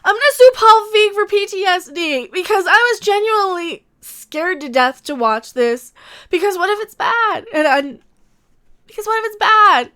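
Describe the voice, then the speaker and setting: High bright-voiced woman ranting emotionally. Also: lively intonation, normal speed. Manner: emotional, ranting, swearing, laughing between lines. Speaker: livestream host reacting to a trailer. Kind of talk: livestream reaction and rant.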